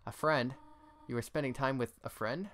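A man voicing a kindly, fussing motherly goat monster woman from a video game, scolding gently and doting. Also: mid-range voice, normal speed, slight background noise, close to an everyday voice. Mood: softening.

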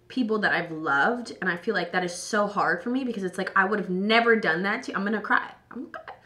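A young woman vlogging, tipsy and a little hoarse, chatting loosely and with plenty of swearing while doing her makeup at home. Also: medium pitch, pushed and bright. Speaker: beauty vlogger.

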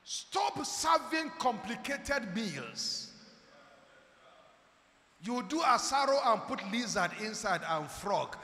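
Male preacher, high animated delivery, swings from shouting to hushed, booming hall reverb. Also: takes it slowly. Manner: calls out to the congregation. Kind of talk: sermon. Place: church hall. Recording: echoey church hall.

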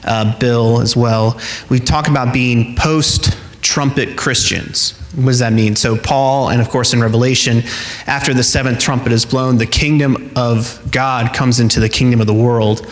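A male pastor delivers a sermon in a relaxed, conversational manner, talking straight to his congregation. His mid-pitched voice rings through a large church hall with long reverb. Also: normal speed. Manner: conversational storytelling, addresses the congregation directly. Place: church sanctuary.

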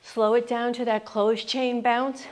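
An upbeat woman with a slightly high voice coaches a rebounding workout, calling out cues and counting down reps. She speaks in an unhurried, drawn-out way while bouncing along herself. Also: little pitch movement. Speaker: fitness instructor.

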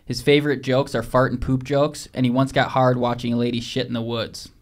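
Brief: male producer, mid-pitched, plain deadpan reader of listener submissions. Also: a little fast. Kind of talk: reading submissions aloud.

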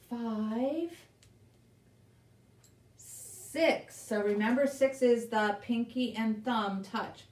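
A woman librarian reading a picture book aloud at a live children's story time, asking questions, making animal sounds and teaching signs. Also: fairly high pitch. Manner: animated, questioning, sound effects and sign language for kids. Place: library room. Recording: roomy echo, voice from a distance.

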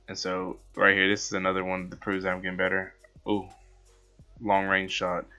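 A man casually commentating over his own gameplay footage, rambling, excitable and poking fun at himself. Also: low-pitched. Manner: rambling, excitable, self-mocking. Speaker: gaming channel host. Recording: dull lo-fi with background music.

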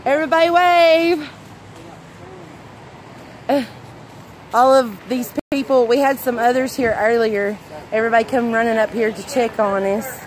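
A middle-aged woman from Arkansas with a Southern accent hosts a casual livestream outdoors at a fireworks tent after a storm, a little out of breath, chatty and affectionate, reading comments aloud and laughing often. Her voice is on the high side with little pitch movement at normal speed. The phone is held at arm's length, giving a low-quality recording with a little hiss or hum.

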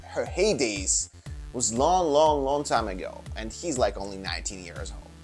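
Man, casual commentary host, opinionated, lots of fillers, lively pitch. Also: moderate pace, faint music behind. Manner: animated, opinionated, many fillers.

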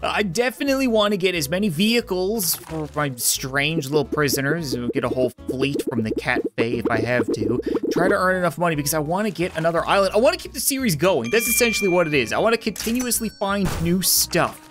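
Sarcastic lady gamer rambling along, lively up-and-down voice, low-ish, faint music behind. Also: fairly quick, hardly any pauses. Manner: rambling, sarcastic, laughs often. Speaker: gaming video host. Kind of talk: let's play commentary.

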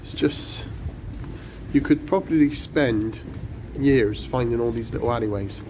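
A man's voice: mid-range voice, measured pace, dark tone. A man narrating a casual walking vlog outdoors in light rain, chatty and rambling, filmed on a handheld camera. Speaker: vlogger. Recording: noisy street with traffic.

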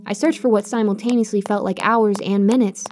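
A woman giving scripted horror story narration in a measured, hushed, suspenseful way. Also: mid-range voice, steady tone, background noise.

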